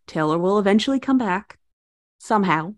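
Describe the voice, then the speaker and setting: A woman's voice: medium pitch, lively intonation, normal speed. A woman co-hosting a casual podcast, chatting bluntly about a TV episode. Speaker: podcast co-host. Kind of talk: casual TV recap chat.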